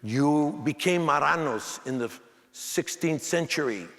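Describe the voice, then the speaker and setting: A man voicing a grave, serious wise old man in his eighties, speaking slowly and solemnly in a large auditorium. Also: fairly high pitch, expressive, gravelly, fairly bright tone, heavily acted. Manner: slow, solemn, measured. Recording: echoey hall with faint crowd.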